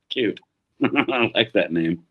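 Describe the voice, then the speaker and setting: Low-voiced middle-aged man, laid-back chatter. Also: expressive, drawn-out words, husky, narrow, tinny audio. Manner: profane, rambling storyteller who laughs often. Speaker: livestream host. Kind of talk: casual chat.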